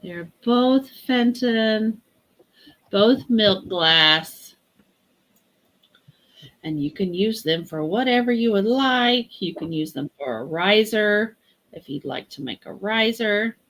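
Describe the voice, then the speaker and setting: A woman hosting a live vintage sale stream, chatty and unhurried as she reads out item sizes and prices. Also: mid-range voice, animated, fairly bright tone. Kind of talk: live-stream sales pitch.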